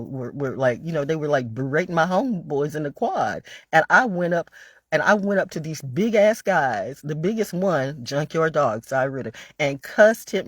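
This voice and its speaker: A woman's voice: low voice, husky, no echo. A woman talking straight to her audience in a vlog, ranting with emphatic repetition and plenty of profanity. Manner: repeats phrases for emphasis. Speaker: online broadcaster.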